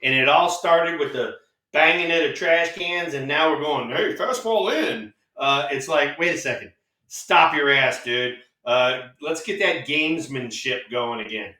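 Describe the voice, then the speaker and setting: A man's voice: fairly high pitch, measured pace, sharp tone. Laid-back man telling stories, echoey. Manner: laughing, anecdotal storytelling with "all right?" tags. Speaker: podcast co-host, former ballplayer. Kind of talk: casual sports talk. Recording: echoey room, distant mic.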